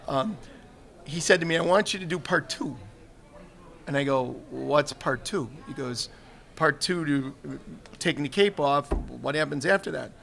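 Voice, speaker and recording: A man's voice: fairly high pitch, moderate pace, gravelly, fairly bright tone. A man, a retired fire chief, telling earnest personal stories in a live interview and often quoting other people as he goes. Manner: earnest, reflective, quotes others in his stories. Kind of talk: candid storytelling in a live interview. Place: trade show livestream set.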